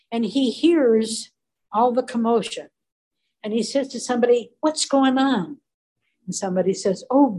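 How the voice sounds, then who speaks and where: A woman teaching from the Bible in an earnest, deliberate sermon, briefly voicing the people in the stories. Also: on the high side, warm tone, low-quality recording. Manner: earnest, slow and deliberate, acts out quoted voices briefly.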